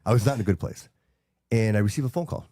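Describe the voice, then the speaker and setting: A man in his fifties hosting a podcast, telling a personal story in an animated way and talking to his audience. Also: on the low side, quick pace, no echo, clean studio sound. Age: 50s. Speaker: podcast host. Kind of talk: casual interview chat.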